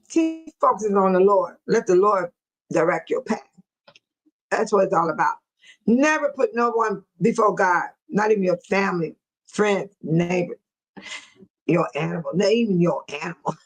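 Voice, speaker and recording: A woman's voice: mid-range voice, poor audio. A woman in her sixties from the Chicago area, hosting a casual livestream, chatting and laughing often while reading viewer comments. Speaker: livestream host.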